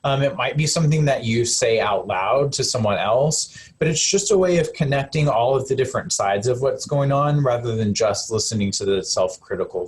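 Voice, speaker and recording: A man presenting a live self-compassion webinar as a counselor, speaking gently and conversationally with frequent fillers and restarts. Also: mid-range voice.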